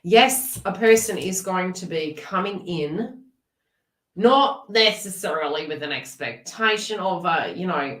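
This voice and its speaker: Woman, chatty live tarot reader, lowish voice, off-mic in an echoey room. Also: measured pace, far from the mic. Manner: chatty, animated, laughs often and talks to viewers in chat.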